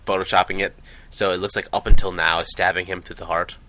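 A man's voice: sits low, level tone, fast talker, bright, forceful tone, a little hiss or hum. A man co-hosting a podcast, chatting casually and rambling with frequent restarts. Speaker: podcast co-host. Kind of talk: casual gaming chat.

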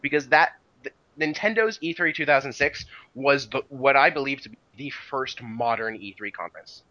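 A man's voice: mid-range voice, moderate pace, pushed and bright, muffled recording. A man co-hosting a casual podcast about video game history, rambling with many restarts and "you know" fillers. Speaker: podcast co-host.

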